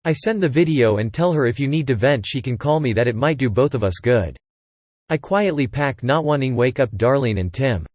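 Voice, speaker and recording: A man's voice: mid-range voice, animated, a little fast, a little mellow, dry recording. Man narrating a story, dry close sound. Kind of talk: first-person story narration.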